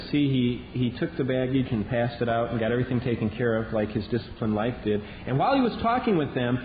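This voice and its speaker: A man preaching a sermon as a Bible teacher, telling the story in a lively way and acting out the lines he quotes. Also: mid-range voice. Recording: dull lo-fi recording with long reverb and faint hiss.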